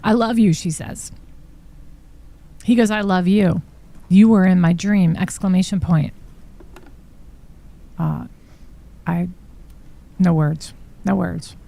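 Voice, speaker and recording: A woman's voice: lowish voice, fairly even intonation, takes it slowly, gravelly, pauses often, warm tone. A woman hosting a true crime live stream, reading text messages aloud and reacting with shocked asides. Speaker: true crime podcast host. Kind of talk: live-stream commentary reading trial exhibits.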